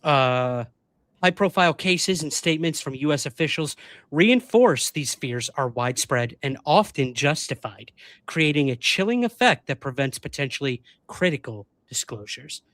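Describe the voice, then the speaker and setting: A man's voice: fairly high pitch, lively intonation, normal speed, a bit bright, no room sound. A chatty man co-hosting a live show, mixing casual banter with reading news aloud. He pokes fun at himself as he goes. His voice sounds dry and close to the mic. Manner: chatty and self-deprecating, reads news aloud. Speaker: podcast co-host. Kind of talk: casual live-stream chat.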